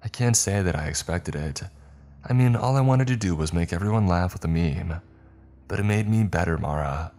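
A man's voice: sits low, a little mellow. A man voicing a gleeful, cruel teenage girl who taunts in a sing-song, giggling way.

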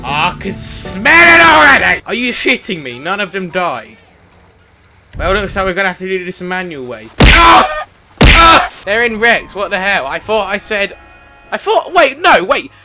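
A young man giving comedic gameplay commentary, excitable, with loud outbursts and swearing. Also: high voice. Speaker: gaming YouTuber.

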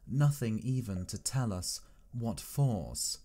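A man reading a science fiction story aloud as an audiobook, in measured, expressive first-person narration. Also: lowish voice. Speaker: audiobook reader.

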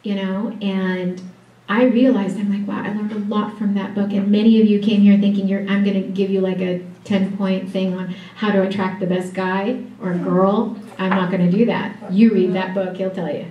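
A woman's voice: medium pitch, flat delivery, normal speed, muffled recording, a little hiss or hum. A woman speaking at a faith conference, chatty and direct, laughing often and making playful asides to the audience. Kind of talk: conference talk. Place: conference room before an audience. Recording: echoey room, distant mic.

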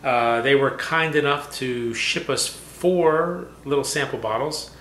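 Male co-host, casual tasting banter, reads labels haltingly, roomy echo, faint hiss. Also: medium pitch, sharp tone. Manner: jokey, halting, reads aloud slowly. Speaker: whiskey review co-host. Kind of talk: casual tasting chat, reading product notes. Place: home room.

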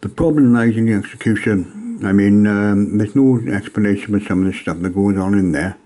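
Deep-voiced man reviewing a game module, full of ums. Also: brisk, dark tone. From Wales. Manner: hesitant, many ums and uhs. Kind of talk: casual spoken review.

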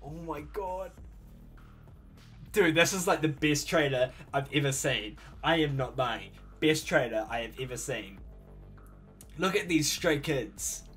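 A young man hosting a reaction video, gushing and swearing freely as he reacts with excitement. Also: on the high side, measured pace, soft background music.

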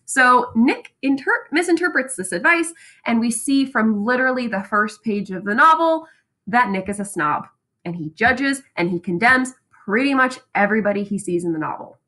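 A young woman teaching a recorded literature lesson in a lively, sassy, conversational way, often checking in with "right?" and "okay?". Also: a little high, moderate pace. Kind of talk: recorded classroom lecture.

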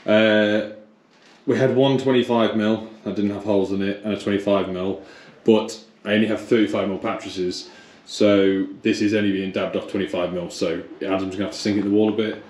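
A man's voice: lowish voice, fairly even intonation, a little fast, a little mellow. A man, an electrician, chatting casually to viewers and thinking aloud as he works in a garage being converted to a kitchen. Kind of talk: casual explaining while working. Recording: echoey room with faint noise.

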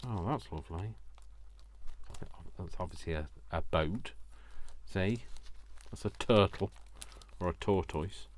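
Low voiced guy unboxing crafts, gasps and gushes, chats to himself, kinda slow. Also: slight background noise. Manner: gushing, gasping and talking to himself. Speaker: craft vlogger. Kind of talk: casual unboxing chat.

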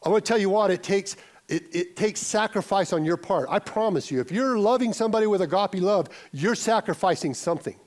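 Speaking briskly in a high voice, a male pastor delivers a conversational sermon in a church sanctuary. He tells an anecdote, frequently restarting and repeating words.

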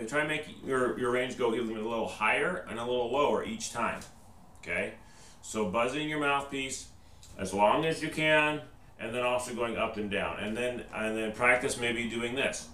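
At a normal speed and medium pitch, slightly bright, a male band teacher patiently breaks a trumpet lesson into steps and checks "okay?" after each. The video was captured from a distance in an echoey room with faint noise.

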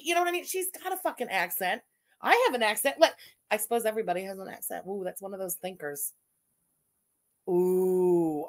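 A woman with a Canadian accent hosting a casual commentary stream, blunt and sarcastic, swearing freely as she reads out super chats. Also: fairly high pitch.

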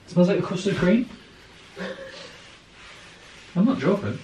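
A young man bantering in his kitchen, his voice a touch high and very lively as he plays it mock-serious. He stands back from the camera in an echoey room, and a faint hiss sits behind him. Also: measured pace, far from the mic. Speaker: vlogger. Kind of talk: casual chat. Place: home kitchen, indoors.

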